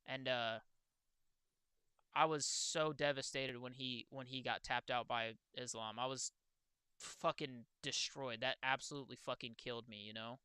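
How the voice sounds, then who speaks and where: A young man streaming, chatting casually and excitedly, swearing freely and talking to his viewers. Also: medium pitch, measured pace, smooth, dry recording. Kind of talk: casual livestream chat.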